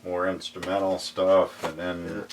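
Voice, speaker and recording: A middle-aged man chatting casually and showing off his collection in a record shop, relaxed and chuckling now and then. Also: deep voice, distant mic, a little hiss or hum. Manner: relaxed, unhurried, chuckles while recalling. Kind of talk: casual chat.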